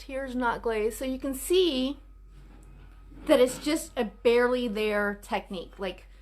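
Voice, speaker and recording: A woman painting furniture on a livestream, chatting to viewers and apologizing as she works some distance from the camera. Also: on the high side. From Florida, US. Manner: chatty, apologetic, talks to viewers while working. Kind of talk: casual live demonstration.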